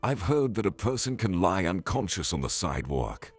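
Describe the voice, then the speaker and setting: A man voicing a calm, convincing woman from a commune who speaks smoothly and reassuringly. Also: low-pitched, normal speed, soft background music, exaggerated voice.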